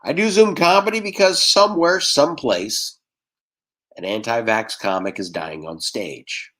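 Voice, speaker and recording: Over a video call, a man from Texas works through a stand-up routine, his voice in the mid range. His delivery is deadpan and rapid-fire, and he puts on character voices within the jokes.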